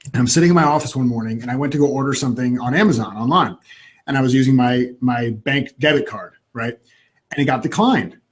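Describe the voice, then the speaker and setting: Male guest, husky tone, animated storyteller, restarts a lot. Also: mid-range voice, fast. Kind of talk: personal storytelling in an interview.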